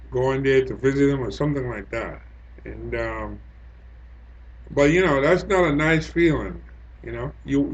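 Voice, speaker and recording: A man's voice: medium pitch, muffled recording. A man talking in a loose, digressive monologue full of "like" and "you know" fillers, as a travel vlogger. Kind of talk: rambling monologue.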